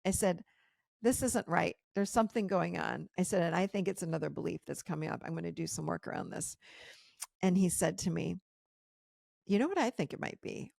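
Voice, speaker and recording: A woman's voice: fairly low pitch, fairly quick, creaky, darkish tone, no room sound, clean studio sound. A middle-aged woman hosting a podcast, candidly retelling a personal story and acting out the dialogue. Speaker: podcast host.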